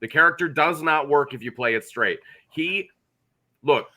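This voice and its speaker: A man guesting on a podcast, talking excitably about a movie, swearing and stumbling over his words. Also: on the high side, moderate pace. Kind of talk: casual chat about a movie.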